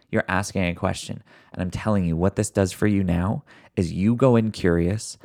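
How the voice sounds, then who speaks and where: A man hosting a motivational podcast, talking earnestly and encouragingly straight to his listeners, a fast talker who sometimes slows down on purpose. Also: on the low side, creaky, a little mellow. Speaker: podcast host. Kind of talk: motivational solo podcast talk.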